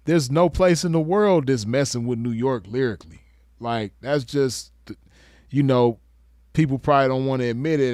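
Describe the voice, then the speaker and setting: A man's voice: medium pitch, darkish tone, no room sound, studio quality. A young man from the West Coast giving laid-back, slangy commentary with frequent chuckles. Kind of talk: casual commentary.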